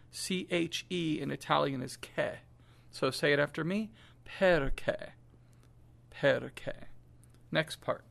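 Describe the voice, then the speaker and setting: A middle-aged man teaching children a song's diction, saying each phrase slowly and patiently for them to echo back. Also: fairly high pitch, vocal fry, a bit bright. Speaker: music teacher. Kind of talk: call-and-response diction lesson.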